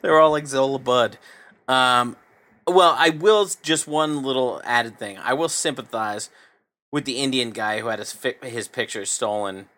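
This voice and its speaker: A man's voice: medium pitch, normal speed, sharp tone. A man co-hosting a casual podcast, laid-back, with laughing asides. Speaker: podcast co-host. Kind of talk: casual chat.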